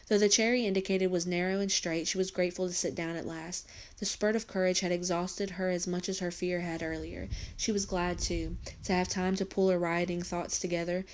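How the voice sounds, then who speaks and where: A woman, a teacher, reading a novel aloud for her students in a steady storytelling voice. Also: on the low side.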